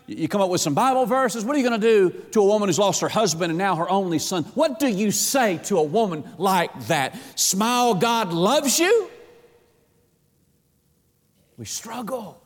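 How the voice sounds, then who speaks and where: A man preaching a sermon, impassioned, often repeating words and swinging between hushed and rising delivery. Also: sits high, in a large hall.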